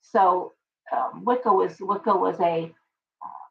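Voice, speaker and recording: A woman's voice: on the low side, steady tone, unhurried, gravelly, fairly bright tone, recorded from a distance. A middle-aged woman hosting a live stream as a tarot reader, chatting casually in a rambling way and greeting viewers by name. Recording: dull, lo-fi sound from off-mic.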